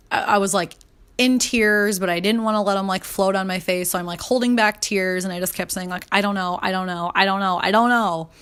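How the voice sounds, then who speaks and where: A woman's voice: fairly low pitch, fairly bright tone. A young adult woman telling a personal story casually and candidly, swearing freely and acting out her own inner voice. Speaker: podcast host and coach.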